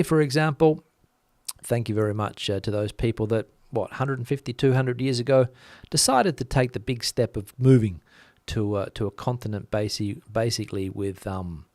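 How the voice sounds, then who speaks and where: A man from Australia hosting a vlog, answering viewer comments in a blunt, deadpan way. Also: mid-range voice, normal speed, no room sound, clean studio sound. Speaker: vlog host. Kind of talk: casual talk to camera, answering viewer comments.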